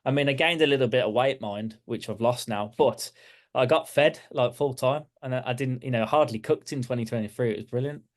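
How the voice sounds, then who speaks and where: A man's voice: medium pitch, fairly quick. A man with a Birmingham accent, chatting casually as an interview guest and talking with lots of fillers and restarts. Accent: Birmingham English. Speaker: guest, architecture practice owner.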